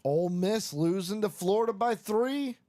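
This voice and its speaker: A man's voice: sits high, expressive, moderate pace, mellow. A man hosting a live card-break stream in a casual, joking chat about games and bets.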